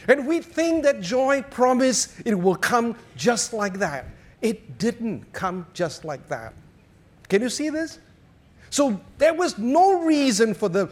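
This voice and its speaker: A man preaches a sermon in a notably high voice. His pitch swings widely as he tells stories and jokes with animated delivery.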